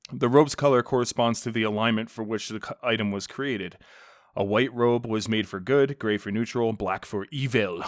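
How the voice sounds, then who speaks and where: A podcast co-host with a mid-range voice chats playfully in character, rambling and restarting his sentences. The recording is dry and of studio quality.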